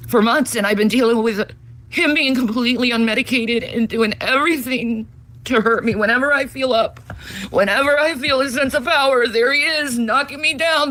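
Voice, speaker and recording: Bright high-voiced woman, pleading and bitter. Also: normal speed. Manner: pleading and bitter, swearing often. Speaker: livestreamer. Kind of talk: heated argument on a livestream.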